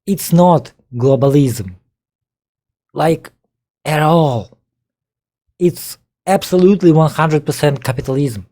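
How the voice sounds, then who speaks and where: A Russian-accented man, Russian by first language, reacts to a video in a slow, unhurried drawl. His voice is dark and mellow, and he keeps pressing his point with exasperated rhetorical questions in broken English. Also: a little high. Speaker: political commentator. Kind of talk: reaction commentary on a played video.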